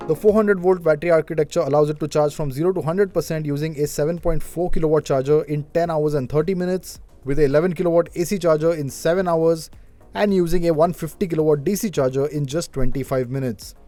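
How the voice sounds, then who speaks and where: A man talks through a car review, calm and informative. His voice sits a little on the high side, and soft music plays underneath. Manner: measured, informative, matter-of-fact.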